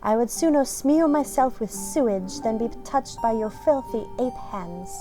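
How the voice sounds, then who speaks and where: A woman's voice: on the high side, expressive, unhurried, over music. A woman voicing a snooty female tuxedo cat in a visual novel, speaking in a fancy, lofty, disdainful way. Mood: contemptuous.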